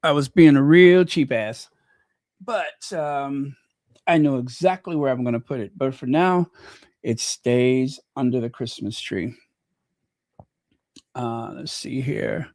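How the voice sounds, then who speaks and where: A man's voice: mid-range voice, takes it slowly, long pauses, a little mellow, no echo. A man hosting a casual livestream, chatting in a rambling way with many fillers and restarts, close to the mic. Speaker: channel host.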